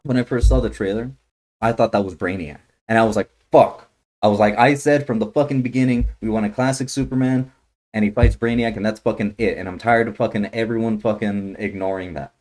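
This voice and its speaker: A young man ranting through a trailer reaction, blunt and heavily profane, swinging from grumbling to shouting outrage. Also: fairly low pitch, fairly even intonation, fairly quick. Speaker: YouTuber reacting to a movie trailer.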